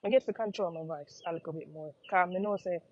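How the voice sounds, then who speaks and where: Talking fast in a lowish voice, a young vlogger from the United States chats casually with her viewers in a Jamaican patois accent while out walking, repeating phrases often. The lo-fi audio is slightly dull.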